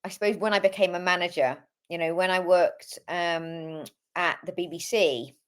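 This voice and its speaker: A woman's voice: lowish voice, steady tone, moderate pace, clean tone. A woman from Britain, a coaching guest on a webinar, talking reflectively and laughing easily over a video call. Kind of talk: casual webinar conversation.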